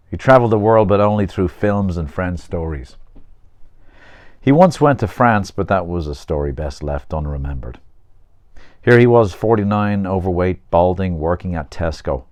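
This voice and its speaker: A man's voice: low voice, a little mellow, no room sound. A man reading aloud from his own novel, stopping now and then for chatty asides. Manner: chatty, breaks off to comment on his own text. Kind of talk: informal audiobook reading with asides.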